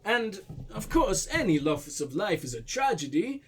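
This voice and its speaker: A man voicing a smooth, evasive foreign diplomat in a mock Russian-German accent, with a suave, pompous manner. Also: high-pitched, big pitch swings, measured pace, exaggerated voice. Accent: mock Russian-German blend.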